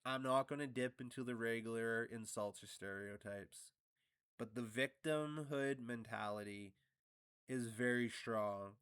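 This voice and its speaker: A Canadian man hosts his own vlog in a casual rambling monologue, blunt, provocative, and jokey, with plenty of swearing. His medium-pitched voice is measured, a bit bright, clear and resonant, recorded on an upgraded studio mic with clean sound and no room echo.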